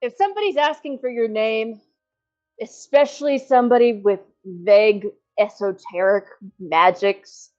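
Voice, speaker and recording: A woman's voice: fairly high pitch, a little slow, darkish tone, soft background music. A woman player in a tabletop game, chatting with rambling, joking asides. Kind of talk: casual tabletop game chat. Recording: slightly dull lo-fi audio.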